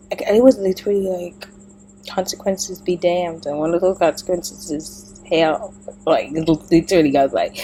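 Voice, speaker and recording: A woman talking casually to camera in a personal vlog, rambling and thinking aloud, with soft murmured asides. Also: on the low side, a little hiss or hum, poor audio. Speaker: vlogger.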